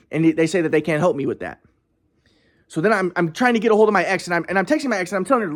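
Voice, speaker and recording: A man's voice: sits high, animated, rapid-fire, fairly bright tone. A man telling a personal story in an agitated, defensive monologue, swearing often and restarting his sentences.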